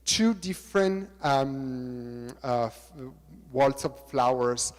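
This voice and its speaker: A middle-aged man with an Italian accent, a choreographer lecturing on dance technique, halting and repeating words, counting beats aloud. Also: medium pitch, expressive. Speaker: choreographer giving a talk. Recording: reverberant lecture hall.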